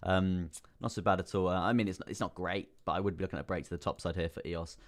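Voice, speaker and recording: A man's voice: deep voice, steady tone, quick pace. A man hosting a live crypto stream, talking casually through chart analysis, repeating phrases and calling viewers bro. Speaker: crypto livestream host.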